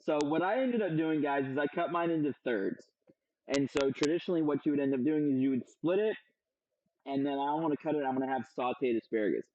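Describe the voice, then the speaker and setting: A young man cooking in his home kitchen on a live stream, joking loudly, swearing and chatting to viewers. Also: on the high side, fast, lo-fi sound, a little hiss or hum. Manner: loud, profane, joking, reads chat aloud. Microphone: streaming setup with several cameras.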